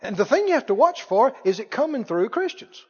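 A pastor preaches an animated, emphatic sermon with sharp swings in loudness. His voice is very high for a man. The audio is dull and rings with long hall reverb. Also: brisk, slightly rough. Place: church hall.

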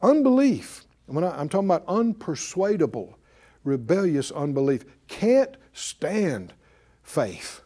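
Mellow-voiced, emphatic male preacher. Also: on the high side, big pitch swings, unhurried. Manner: emphatic, pleading, repeats phrases for weight. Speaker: pastor. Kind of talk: sermon.

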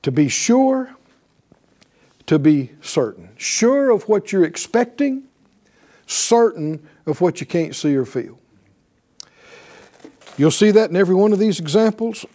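Male preacher, high lively voice, slow measured delivery, warm mellow tone, calls for responses. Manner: animated, calls for responses with "right?"; acts out voices of believers speaking faith. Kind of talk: sermon.

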